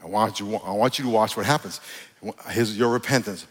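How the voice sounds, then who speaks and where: A man's voice: fairly low pitch, fairly quick, fairly bright tone, husky. A man preaching a sermon as pastor, emphatic and joking with the congregation in a church hall. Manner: emphatic, preachy, jokey with crowd.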